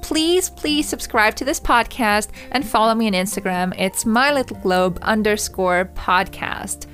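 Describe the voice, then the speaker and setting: A young woman from Austria, a native German speaker, hosting a solo podcast in a reflective, gently chatty way. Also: medium pitch, a little slow, soft background music. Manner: reflective, gently chatty, laughs between thoughts. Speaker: podcast host.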